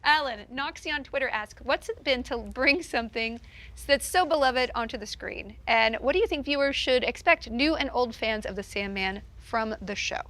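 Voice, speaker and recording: A woman's voice: fairly high pitch, normal speed, a bit bright. A woman moderating a panel, upbeat, reading out fan questions. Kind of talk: panel discussion.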